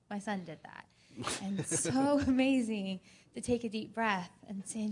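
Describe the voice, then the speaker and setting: A woman in a church group sharing an earnest personal testimony, telling her story in an animated way. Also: medium pitch, normal speed.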